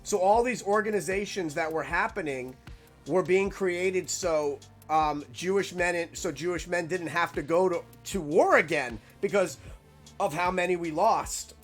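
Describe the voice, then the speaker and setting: A young man telling a casual, rambling story, animated and full of "like" fillers. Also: high voice, unhurried, faint music behind.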